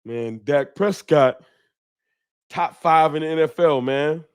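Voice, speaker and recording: A man hosting a fan livestream, talking trash in a preachy, animated way and reading viewer chats aloud. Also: fairly high pitch, slow pace, clear, resonant tone. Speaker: sports fan show host.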